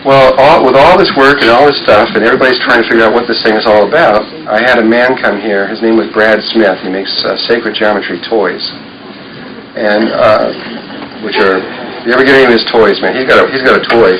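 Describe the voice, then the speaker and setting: A man's voice: lowish voice, steady tone, brisk, noisy background. A man giving a rambling lecture at a workshop, explaining drawings as he goes. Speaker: workshop speaker. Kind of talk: lecture talk.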